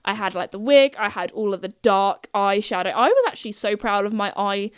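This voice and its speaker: A young woman hosts a podcast, telling stories in a chatty, giggly way packed with fillers. Her medium-pitched voice is animated and a little fast, with a clean tone on a dry, studio-quality recording of casual chat.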